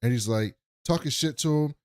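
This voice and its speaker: A man's voice: fairly high pitch, brisk, darkish tone, smooth, no room sound, clean studio sound. A man co-hosting a podcast, rambling through a story recap with lots of fillers and voices for the characters. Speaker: podcast co-host. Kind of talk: casual recap chat.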